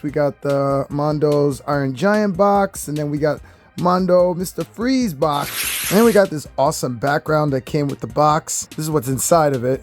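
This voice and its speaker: Jokey guy hosting a toy review, kinda high-pitched, cursing casually, soft music in the background. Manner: excitable and jokey, swears freely. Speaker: host. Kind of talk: casual chat.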